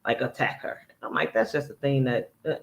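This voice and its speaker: A man's voice: mid-range voice, fairly even intonation, fairly quick, low-quality recording. A man hosting a casual reaction commentary, chatty and picking apart another person's words as he quotes them. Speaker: commentary channel host.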